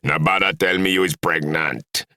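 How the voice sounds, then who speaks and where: A man voicing a stern older Trinidadian father with a gruff manner that breaks into shouting. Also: low-pitched, steady tone, normal speed, dry recording, clean studio sound. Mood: suspicious.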